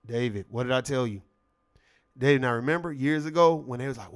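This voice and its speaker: A man's voice: mid-range voice, fairly quick. A man hosting his own show, giving a heated, profane political rant and mocking people by acting out their lines. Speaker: show host.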